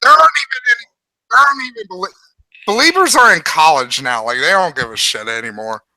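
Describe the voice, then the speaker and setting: A man co-hosting a podcast, riffing in rapid, animated, profane banter over a home mic. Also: sits high, creaky, no echo, rough recording. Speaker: podcast co-host.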